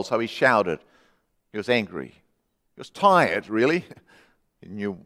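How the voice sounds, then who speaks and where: Male pastor preaching in a hall. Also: medium pitch. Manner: conversational, swings from loud to hushed. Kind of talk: sermon. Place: church.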